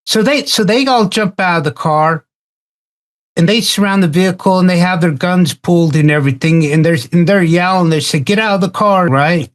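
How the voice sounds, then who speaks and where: A man in a casual roundtable discussion, telling a story in a halting way and often repeating words. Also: high voice. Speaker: roundtable participant.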